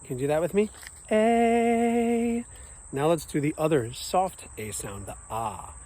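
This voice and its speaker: Upbeat man leading a vocal warm-up. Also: fairly high pitch, sing-song, brisk, low-quality recording. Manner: upbeat, sings vowel sounds out loud. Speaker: music teacher. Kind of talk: children's vocal warm-up lesson. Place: outdoors at a nature center.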